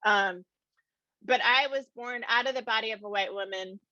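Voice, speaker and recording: A woman around fifty giving a conference keynote, telling her story in a lively, conversational way and calling the audience "y'all.". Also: fairly high pitch, normal speed, dry recording, dull audio. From American Midwest. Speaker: keynote speaker. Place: conference room.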